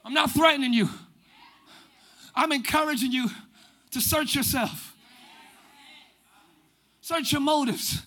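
A man preaches to a church congregation in a very high, bright, forceful voice. He is animated, often breaks into shouts, and slips into little acted-out voices of the people he describes. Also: slow, long pauses. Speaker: pastor. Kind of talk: sermon. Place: church sanctuary.

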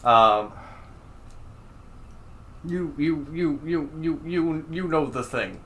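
A man voicing a halting, stammering elderly male politician who repeats words and trails off. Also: a little high, lively intonation, a bit bright, slight background noise, pitched above the performer's own voice, full character voice. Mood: fumbling.

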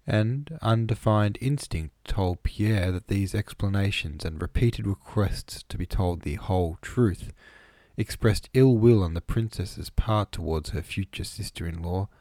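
A man narrating a classic novel as an audiobook, measured and even. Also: sits low, no room sound. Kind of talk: scripted narration.

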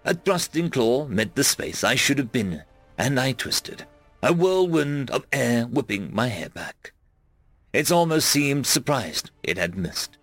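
A male audiobook narrator reads a fantasy web serial in first person, his mid-range voice rising and falling dramatically with the action. He's expressive, with a lively melody and shouted dialogue, while faint music plays softly underneath.

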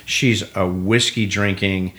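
Middle-aged man with a low voice, animated storyteller who acts out quoted dialogue. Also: slow pace. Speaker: guest actor. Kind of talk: casual storytelling.

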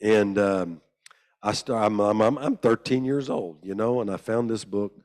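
A man's voice: moderate pace, a little mellow. A man preaching a sermon as a storyteller, joking and acting out the people in his tales. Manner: humorous, acts out the people he quotes in higher voices. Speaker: guest preacher. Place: church hall.

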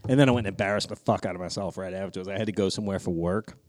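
A man telling a story on a podcast, animated and swearing a lot, his voice jumping high when he gets excited. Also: racing, no echo, clean studio sound. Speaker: podcast co-host. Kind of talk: casual chat, storytelling.

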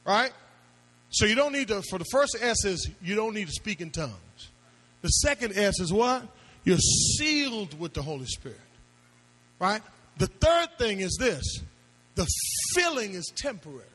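A husky-voiced man with a high-set voice preaches to his congregation. He works through points with repeated questions and climbs into shouted appeals. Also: big pitch swings, normal speed, poor audio. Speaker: pastor. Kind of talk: sermon.

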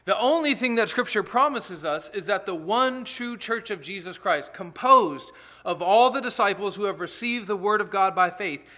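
A man's voice: sits high, expressive, moderate pace, bright, forceful tone. A man preaching an earnest, emphatic sermon as pastor, with asides to the congregation.

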